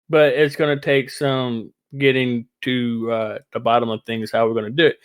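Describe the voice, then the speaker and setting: A man hosting a casual fan podcast, talking in an excitable, rambling way and laughing easily. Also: medium pitch, normal speed, hardly any pauses, clear, resonant tone. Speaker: podcast host.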